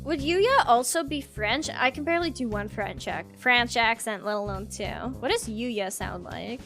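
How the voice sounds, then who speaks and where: A woman streamer chatting casually with her viewers, high and bright, with a giggly, chatty manner. Faint music plays behind her. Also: expressive, moderate pace.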